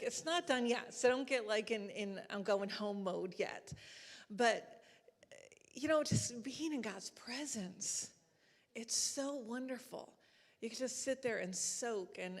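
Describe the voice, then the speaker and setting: A woman's voice: a little high, slow. A middle-aged woman preaching at a conference, talking conversationally with many fillers like "like" and "you know". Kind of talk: sermon at a conference. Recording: long hall reverb.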